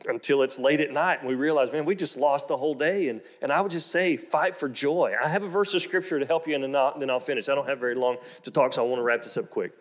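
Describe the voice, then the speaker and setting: A middle-aged man preaching, with a voice that sits in the middle of the male range. He tells his story slowly and low, then breaks into loud, excited exclamations. He keeps repeating his phrases for emphasis. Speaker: pastor. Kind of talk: storytelling sermon.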